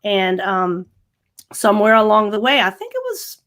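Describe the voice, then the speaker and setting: A woman, a podcast guest talking in a chatty, animated way with frequent laughs and fillers. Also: mid-range voice, normal speed. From American South. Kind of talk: casual podcast interview.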